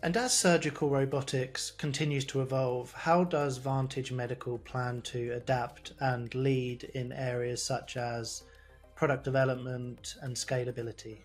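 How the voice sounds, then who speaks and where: A man with a mid-range voice, hosting an interview and asking polite, measured questions. Faint music plays behind him. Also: medium pitch, little pitch movement. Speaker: interviewer, host.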